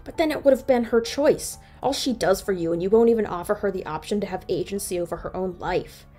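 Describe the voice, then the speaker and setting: A woman's voice: mid-range voice, a little fast, mellow, faint music behind, lightly acted. A woman voicing a bitter, angry young male troll who swears and snarls, in a read-aloud fan story. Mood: angry, scornful. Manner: snarling, swearing, cold laughter.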